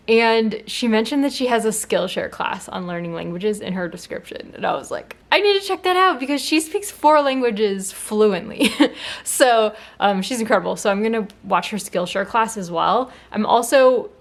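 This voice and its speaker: A woman in a casual vlog, chatting straight to the camera with plenty of "like" fillers. She sounds upbeat and enthusiastic, and her voice sits at an ordinary middle pitch. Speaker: vlogger.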